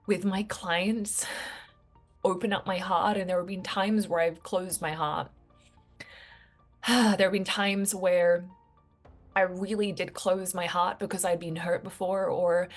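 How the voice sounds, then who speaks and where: A woman talking to her viewers in a heartfelt, reflective way, full of casual fillers. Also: on the low side. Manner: earnest, reflective, many fillers like "like". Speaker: vlogger. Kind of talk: heartfelt personal talk to camera.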